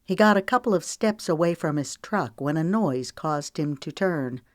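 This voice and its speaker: A woman author narrating her own historical novel in a measured, dramatic reading. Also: deep voice, lively intonation, no room sound, studio quality. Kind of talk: audiobook narration.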